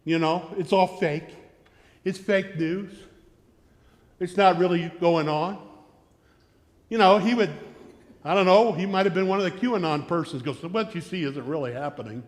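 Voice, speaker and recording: Animated American preacher in a hall. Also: male voice, high voice, unhurried, long pauses. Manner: animated storyteller, acting out shouted quotes. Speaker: pastor. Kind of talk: sermon with storytelling. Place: church sanctuary.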